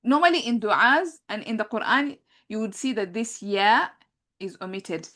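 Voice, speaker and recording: Female grammar teacher, slightly high voice, explanatory classroom delivery with frequent self-corrections. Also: animated, moderate pace, sharp tone. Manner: repeats points, often corrects herself mid-sentence.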